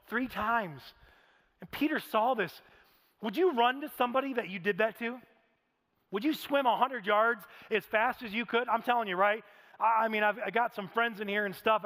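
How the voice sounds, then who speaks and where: A man preaching a sermon as a pastor, telling stories with animated acted-out voices. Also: high-pitched, in a large hall. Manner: animated storytelling, acts out quoted voices. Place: large church auditorium.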